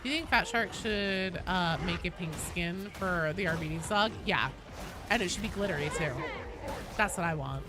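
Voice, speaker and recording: A young woman streaming a game, chatting casually, reading chat aloud, swearing and breaking into excited squeals. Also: on the low side, normal speed, over loud music. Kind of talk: casual gaming livestream chat.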